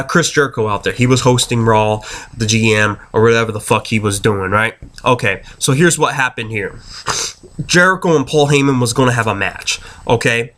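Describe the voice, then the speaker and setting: A man rants angrily in a video review, full of swearing and exasperation. His pitch leaps up and drops down all the time, and he sounds fed up rather than calm. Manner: angry, profane, exasperated ranting. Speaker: wrestling reviewer.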